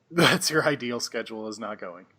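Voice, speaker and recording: Easygoing male podcast host, laughs easily, asks follow-ups; mid-pitched voice. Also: bright, forceful tone. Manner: easygoing, quick to laugh, asks probing questions. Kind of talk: casual podcast chat.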